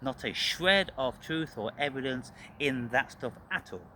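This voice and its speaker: On his own channel, a man delivers an angry, profane rant about spirituality, repeating himself and calling out to listeners as "people." His mid-range voice is animated and sharp-toned, a little slow, with slight background noise.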